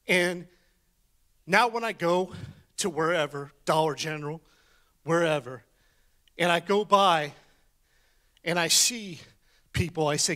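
A man preaching a sermon, telling a personal story in a conversational way, then swinging between rising emphatic calls and hushed whispers. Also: fairly high pitch, unhurried, long pauses.

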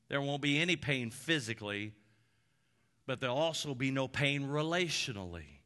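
A pastor delivers a sermon in a deliberate, unhurried cadence, his voice sitting a little high for a man. He builds repeated lists to loud, bright peaks, then drops to a near hush. The tone stays clear and forward throughout. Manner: emphatic preaching with repeated lists, swinging between loud peaks and hushed drops.

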